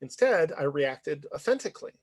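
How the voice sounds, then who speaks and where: A man gives a university lecture in a loose, conversational way, tossing in "right?" as he goes. His voice sits a little high and has a husky edge. He talks things through in a reflective tone. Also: big pitch swings, moderate pace.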